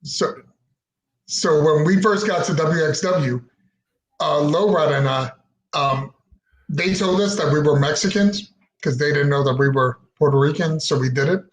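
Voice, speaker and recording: A man's voice: fairly high pitch, normal speed. Blunt, wry man in a roomy echo. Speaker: podcast host. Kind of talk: casual podcast chat.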